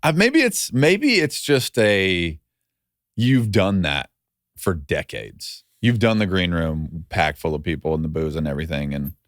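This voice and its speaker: A man, a musician guest chatting in a relaxed, joking way. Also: sits low, a little slow, no room sound, clean studio sound. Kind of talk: casual chat.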